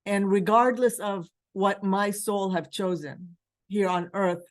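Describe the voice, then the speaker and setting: A woman from Palestine speaks in a lowish voice as she hosts a virtual spiritual gathering. She talks earnestly and with feeling, urging her listeners on. The sound comes through a video call mic. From West Bank, Palestine. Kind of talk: heartfelt talk to a virtual group.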